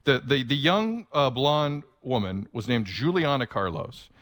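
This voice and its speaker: A man's voice: medium pitch, lively intonation, a little slow, fairly bright tone, no room sound, clean studio sound. Guy sports radio host, jokey and sarcastic, voice bouncing all over. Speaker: sports talk show co-host.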